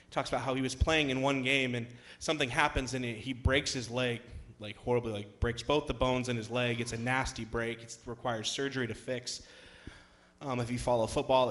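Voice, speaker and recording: Conversational youth pastor, man. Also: medium pitch. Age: young adult. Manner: conversational, many fillers, rises to loud emphatic passages. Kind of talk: sermon with storytelling.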